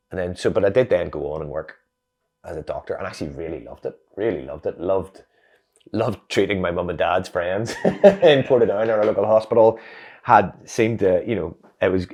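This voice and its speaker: A Northern Irish man, an interview guest, telling a personal story in a reflective, animated way with many fillers. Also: low-pitched, breathy edge. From Northern Ireland.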